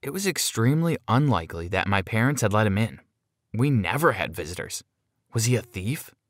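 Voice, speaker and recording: Low-voiced man narrating a story. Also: big pitch swings, brisk, no room sound, clean studio sound. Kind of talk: scripted first-person story narration.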